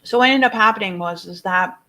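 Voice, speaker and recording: Expressive woman telling her own story. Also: medium pitch, fairly quick. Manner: expressive, with many fillers and repeated words. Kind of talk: telling a personal story to an audience.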